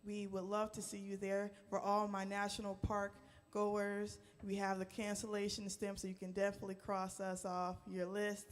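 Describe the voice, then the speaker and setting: A woman's voice: mid-range voice, monotone, normal speed. A woman park ranger and band singer leading an audience in a call-and-response singalong, with encouraging, playful, half-sung calls, on a stage mic. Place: live jazz performance indoors. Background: live jazz band.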